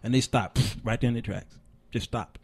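Male preacher-host, lively storyteller, dry studio sound. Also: mid-range voice, normal speed, creaky, breathy edge, no room sound. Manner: animated storyteller, laughs often. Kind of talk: casual talk show storytelling.

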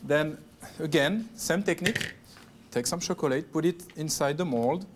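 This cooking demonstration features a man in his thirties, French-accented, working with chocolate as a television pastry chef and joking his way through chatty step-by-step guidance. His voice runs on the high side at a moderate pace, with background noise in the studio recording.

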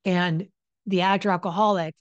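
A woman's voice: fairly low pitch, fairly even intonation, brisk, no echo, lo-fi sound. A woman recovery coach giving blunt, profane advice straight to the camera, often acting out what other people say. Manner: blunt and profane, acts out quoted voices. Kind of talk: direct-to-camera advice talk.

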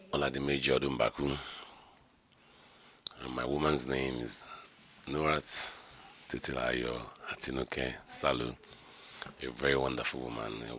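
A man's voice: very deep voice, flat delivery, normal speed, bright, forceful tone, breathy edge. A middle-aged man, the groom, speaking heartfelt and rambling about his bride in a wedding interview. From Nigeria. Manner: heartfelt, rambling with repeated "you know".

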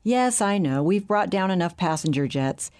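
A woman narrating a smooth, assured bank chief who runs a secret meeting in a calm, soothing way. Her voice sits a little low and stays easy and steady. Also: moderate pace, natural voice. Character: smooth scheming middle-aged male bank chief.

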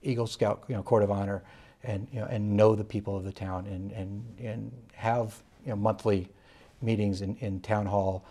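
A man's voice: fairly low pitch, fairly even intonation, normal speed, mellow. A political candidate in an interview, a man talking in a rambling way, full of "you know" fillers, with a Massachusetts accent.

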